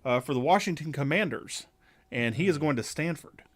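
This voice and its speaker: A man's voice: fairly high pitch, expressive, normal speed, a little hiss or hum. Young man running down coaching news. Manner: reads through coaching news, many fillers, swears. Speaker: podcast host. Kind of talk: casual chat.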